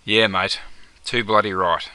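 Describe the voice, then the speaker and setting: A young adult man with an Australian accent plays Jono, an easygoing Aussie mate, in a comedy sketch full of broad, slangy banter. His voice is fairly low and steady with a sharp tone, delivered at a measured pace in a dry recording.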